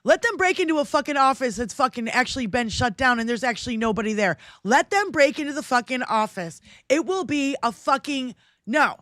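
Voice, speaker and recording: A woman's voice: sits high, expressive, a little fast, fairly bright tone, no room sound, clean studio sound. A woman co-hosting a livestream, ranting about politics in heated, profane casual chat. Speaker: livestream co-host.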